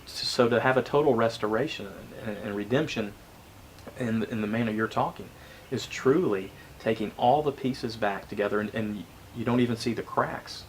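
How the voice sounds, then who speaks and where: A man hosting a casual interview, reflective and halting, often repeating words as he gathers his thoughts. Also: lowish voice, slight background noise. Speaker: interview host.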